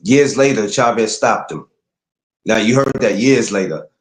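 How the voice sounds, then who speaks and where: A man's voice: lowish voice, unhurried, echoey room. A man hosting a podcast, talking boxing in a casual, emphatic way. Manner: animated, emphatic, rising to incredulous outbursts. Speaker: podcast host.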